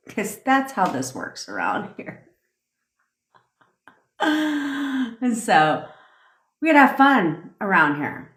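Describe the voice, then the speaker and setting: A woman's voice: a little high, wildly swooping pitch, slow, pauses often, a bit bright. A woman manifestation coach ranting on a livestream, blunt and profane, cheering on viewer comments as she talks. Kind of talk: livestream rant. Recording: roomy echoey room.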